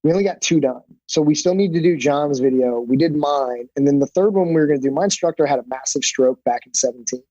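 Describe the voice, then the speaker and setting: Mellow, profane man telling stories. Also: a little high, quick pace, few pauses, dry recording, muffled recording. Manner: animated, profane, uses many fillers. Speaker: podcast guest. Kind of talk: casual storytelling.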